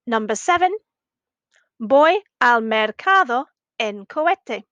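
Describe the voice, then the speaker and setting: Slow, clear-speaking woman teacher. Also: fairly high pitch, expressive, a bit bright, no echo, dull audio. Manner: slow, clear, repeating sentences for learners. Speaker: primary language teacher. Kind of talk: recorded video lesson.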